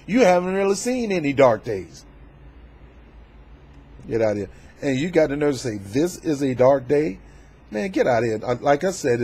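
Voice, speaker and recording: A man doing a casual political commentary vlog, talking in a fervent, preachy, colloquial way with loud emphatic outbursts. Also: a little high, husky. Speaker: YouTube commentator.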